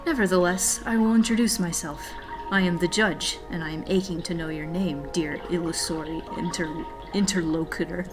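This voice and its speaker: A woman's voice: fairly low pitch, steady tone, moderate pace, over music, natural voice. A woman doing the Judge, a pompous talking cat. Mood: pompous, courtly. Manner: ornate, formal, flowery speech. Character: pompous, courteous talking cat guide, male.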